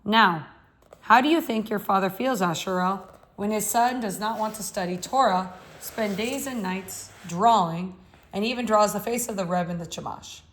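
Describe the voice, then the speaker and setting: A woman's voice: mid-range voice, normal speed, lightly acted. A woman reading as an earnest old bearded official. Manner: stern yet concerned pleading. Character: elderly bearded male religious school official, earnest. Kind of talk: novel read aloud.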